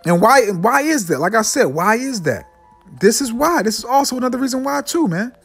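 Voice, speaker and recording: A man preaching a fiery sermon, ending nearly every line with "man" and slowing down to read scripture solemnly. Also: very high voice, lively intonation, a bit bright, slightly rough, soft background music. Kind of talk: fiery street-style sermon with scripture readings.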